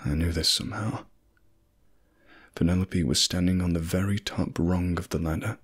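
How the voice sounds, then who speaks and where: A man narrating a scripted first-person horror story in a measured, grim way. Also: low voice, fairly even intonation, breathy edge.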